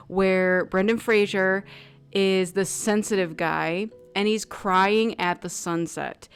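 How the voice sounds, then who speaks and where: Slow, effusive woman tarot reader. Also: lowish voice, fairly even intonation, clean tone. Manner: effusive and emotional, many "like" fillers. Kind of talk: intuitive tarot reading vlog.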